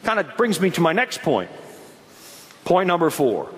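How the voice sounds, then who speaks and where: A middle-aged male pastor preaching a sermon, swinging from quiet asides to shouted points. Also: on the high side, very animated, normal speed, big-room sound.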